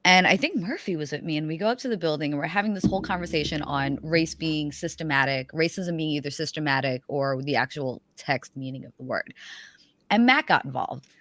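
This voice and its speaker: A woman from New York, blunt and profane, telling animated stories in a casual video call chat. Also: low-pitched, a little fast.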